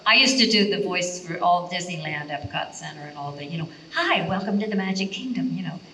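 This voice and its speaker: Bright-voiced woman joking on a panel. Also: on the low side, animated, a little fast, distant mic, a little hiss or hum. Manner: wry, joking. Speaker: voice actress panelist. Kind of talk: panel chat. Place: convention panel room.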